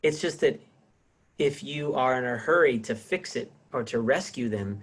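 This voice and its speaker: A man's voice: mid-range voice, moderate pace, slightly rough. A middle-aged man teaching a casual class over a video call, rambling with many restarts. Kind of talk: casual online class lecture.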